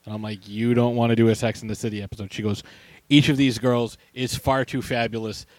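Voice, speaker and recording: A man's voice: mid-range voice, level tone, fairly quick, no echo. A man co-hosting a podcast, chatting casually with joking banter and interjections. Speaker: podcast co-host. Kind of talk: casual chat.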